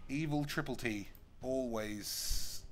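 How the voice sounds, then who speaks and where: A man's voice: mid-range voice, slow pace. A man with a London accent, a streamer thinking aloud over a card game in casual, joking commentary and swearing freely. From United Kingdom.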